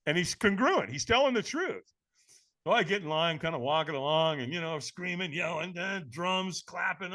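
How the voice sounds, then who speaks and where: A man who is a podcast guest, telling a story in an energetic, emphatic way and acting out the other people in it. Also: high-pitched, normal speed. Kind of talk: animated storytelling.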